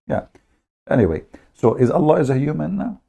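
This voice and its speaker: Man, live-stream host, sarcastic and mocking, gravelly low voice, dark tone. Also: big pitch swings, brisk.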